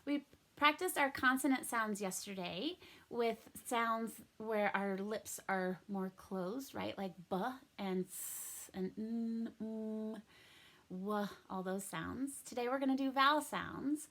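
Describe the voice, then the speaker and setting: A young adult woman teaching a recorded first-grade phonics lesson, cheerful and clearly enunciating each sound. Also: a little high, animated, pushed and bright. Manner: cheerful, slow and clearly enunciated, sings and plays at pirate sounds.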